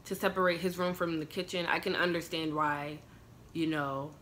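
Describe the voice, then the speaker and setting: A young American woman chats through a personal storytime, piling up fillers and acted-out quotes as she goes. Her voice sits a little low for a woman. A faint hiss of room noise hangs under it. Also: steady tone, normal speed, a bit bright. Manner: chatty, filler-heavy retelling with quoted dialogue. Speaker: vlogger. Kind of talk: casual storytime.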